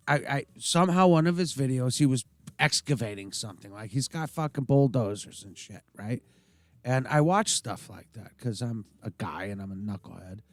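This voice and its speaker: A man's voice: mid-range voice, no room sound. Blunt, swearing podcast man. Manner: blunt, swears freely, rambling storyteller. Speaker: podcast co-host. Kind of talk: casual chat.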